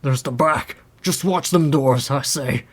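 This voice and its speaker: A man's voice: mid-range voice, a little slow, slightly rough. A man reading an audiobook, voicing a burly, blunt male barman who is flustered.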